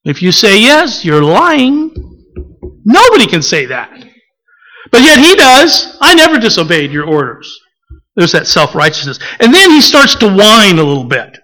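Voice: mid-range voice, wildly swooping pitch, a little slow, bright, forceful tone, low-quality recording. A preacher giving a sermon, acting out quotes from scripture and putting questions to the listeners.

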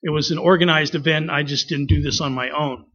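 High, bright-voiced man preaching. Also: a little fast, muffled recording. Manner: animated storytelling, acts out quotes, humorous asides. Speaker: pastor. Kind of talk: sermon.

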